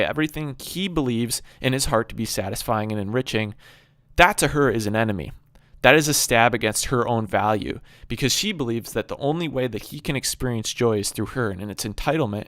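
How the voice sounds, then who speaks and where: A man's voice: mid-range voice, no echo, studio quality. Male commentator, preachy and emphatic, repeats his points, ordinary mid-range voice. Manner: emphatic, rhetorical questions, repeats phrases. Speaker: video commentator on Bible stories. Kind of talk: preachy monologue.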